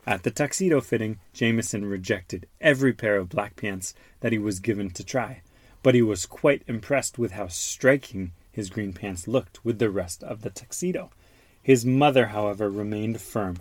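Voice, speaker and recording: A man's voice: on the low side, moderate pace, dry recording. A man in his thirties reading a picture book to his young son, stopping to explain words. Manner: warm questions to the child, explains words.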